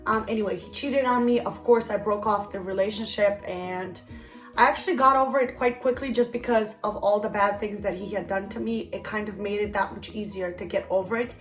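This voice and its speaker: A woman's voice: medium pitch, steady tone, a little fast. Young woman, vlogger, casual story time, rambling, filler-heavy, roomy echo, faint music behind.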